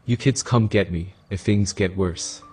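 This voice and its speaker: A man's voice: low-pitched, unhurried, darkish tone. Stern caring schoolteacher, read by a man. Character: stern but caring female teacher.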